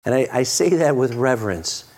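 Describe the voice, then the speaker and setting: A middle-aged man preaching a sermon, earnest, restarting words often and rising to loud, excited peaks. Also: mid-range voice, a little fast. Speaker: pastor.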